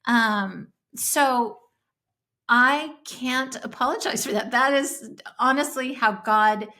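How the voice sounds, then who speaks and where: A woman's voice: fairly high pitch, slow pace, pushed and bright. A middle-aged woman co-hosting a faith-based parenting podcast, talking in an earnest, emotional, casual way. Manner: earnest, emotional, speaks of crying easily. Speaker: podcast co-host.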